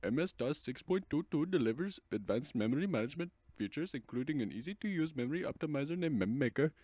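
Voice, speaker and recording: A man's voice: fairly high pitch, expressive, quick pace, darkish tone, no room sound, pitched above the performer's own voice. A young man putting on an exaggerated Indian accent, reading product text aloud as a tech support man. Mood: hammy. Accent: mock Indian accent.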